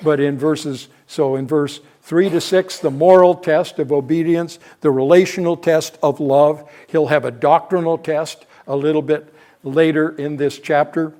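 An older man teaches expository Bible lessons on a passage, thinking aloud with frequent restarts and self-corrections. His slightly high voice is warm, fairly even in intonation, and measured in pace.

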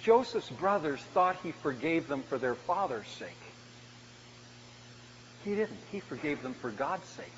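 A man preaching a sermon as a pastor, swinging from loud emphatic lines to hushed, quiet ones. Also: a little high, sing-song, unhurried, long pauses. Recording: dull, lo-fi church recording with long reverb and faint noise.

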